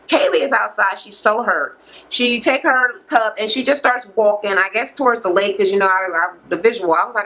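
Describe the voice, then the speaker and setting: A woman vlogger recapping a reality show in a casual, animated rant full of cursing, recorded on a camera microphone. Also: medium pitch, normal speed. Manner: profane, animated, heavy cursing.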